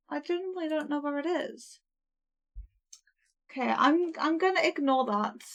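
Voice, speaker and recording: A woman's voice: sits high, fairly bright tone. A young adult woman streaming a game, chatting casually and thinking aloud in a flustered, giggly way. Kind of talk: casual live-stream gameplay chat.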